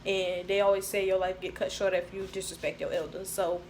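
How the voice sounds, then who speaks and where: A young woman telling a storytime to her viewers, animated and slangy. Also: fairly low pitch, fairly quick, a little hiss or hum. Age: young adult. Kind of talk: casual storytime.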